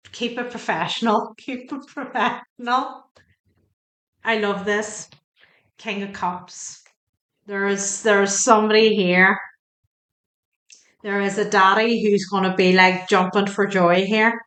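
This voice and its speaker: In a reverberant space, a woman with a fairly bright, mid-range voice reads tarot. She chats emotionally and asks the cards questions out loud as she flips them over.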